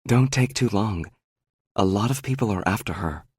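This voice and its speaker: A man's voice: lowish voice, animated, normal speed, a little mellow, husky, no room sound, clean studio sound, pitched above the performer's own voice. A man doing a blunt, protective young woman. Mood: pointed.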